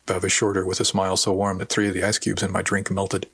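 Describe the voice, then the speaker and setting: A man's voice: low voice, completely flat delivery, fast talker, vocal fry, few pauses, fairly bright tone, husky. A man narrating a story in the first person with dry, wry storytelling. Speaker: audiobook narrator. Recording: dry close recording.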